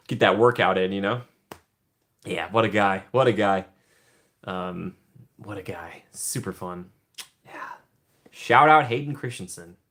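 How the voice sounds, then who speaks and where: A man's voice: fairly low pitch, animated, slow, long pauses, a bit bright. Chatty man hosting a home livestream. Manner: chatty, rambling, laughs often, trails off. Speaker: livestream host. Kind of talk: casual livestream chat with viewers.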